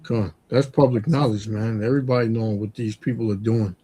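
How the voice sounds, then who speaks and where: A man's voice: fairly low pitch, steady tone, a little fast, warm tone, slightly rough. A man in casual religious talk who backs others up with frequent affirmations and quotes scripture.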